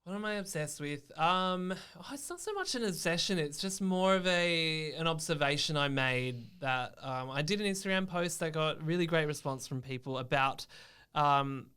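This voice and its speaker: A man speaking as a guest on a podcast. His voice is smooth and clear, and he talks things through in a thoughtful, reflective way. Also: on the high side, normal speed, bright, forceful tone. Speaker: podcast guest, digital media worker. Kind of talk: casual interview chat.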